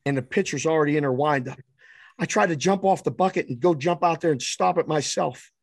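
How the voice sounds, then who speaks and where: A middle-aged man hosting a podcast, telling a casual story in an animated, profane, self-deprecating way. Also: a little high, a little fast, creaky, dry recording, studio quality. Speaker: podcast host.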